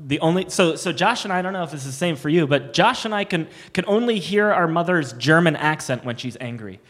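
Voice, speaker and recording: A man co-hosts a live podcast with casual jokes and quick asides. His voice is fairly high and swings widely in pitch, bouncing from low mutters to sudden high peaks. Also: expressive, fairly bright tone. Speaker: podcast co-host.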